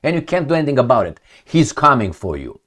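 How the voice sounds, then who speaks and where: A man's voice: mid-range voice, fast. A man giving blunt, sarcastic political commentary, mocking and jabbing, then dropping into muttered asides. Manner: animated, swings between loud jabs and muttered asides. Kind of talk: casual commentary vlog.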